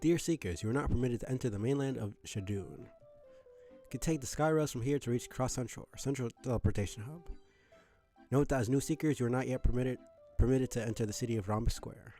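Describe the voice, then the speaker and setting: A man voicing a formal official who briefs newcomers in a measured, proper way. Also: mid-range voice, mellow, faint music behind, natural voice.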